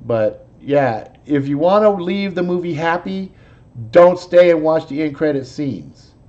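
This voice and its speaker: A man's voice: on the high side, animated, unhurried, dark tone, highs cut off. A man hosting a live show, chatting casually in a profane, rambling, laid-back way. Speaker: host. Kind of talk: casual chat, movie talk.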